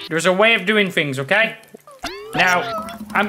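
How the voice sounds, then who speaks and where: A man hosts a gaming video, excitably commenting on the game and shouting at its character. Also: high-pitched, a little slow, pauses often. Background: game music.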